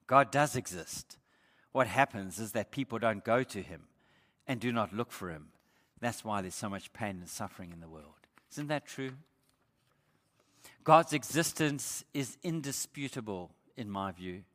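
A male pastor preaching an emphatic sermon, slowing down to stress key points. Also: fairly low pitch, lively intonation, a bit bright. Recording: echoey hall.

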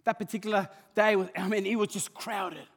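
A male pastor preaching a sermon, swinging between hushed asides and loud emphatic calls. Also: high voice, fairly even intonation, a little fast, vocal fry, big-room sound.

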